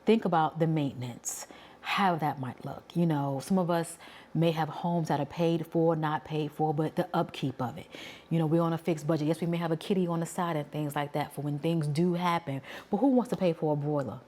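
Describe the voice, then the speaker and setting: A woman in her forties with a New York accent, talking casually and candidly to her viewers and thinking out loud. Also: low-pitched, a little fast. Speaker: vlogger. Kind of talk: casual talk to camera.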